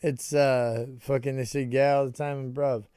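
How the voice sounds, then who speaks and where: A man's voice: mid-range voice, little pitch movement, moderate pace, mellow, clear, resonant tone, dry recording, studio quality. Laid-back, foul-mouthed Midwestern guy. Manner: laid-back, heavy swearing, slangy. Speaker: podcast co-host. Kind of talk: casual chat.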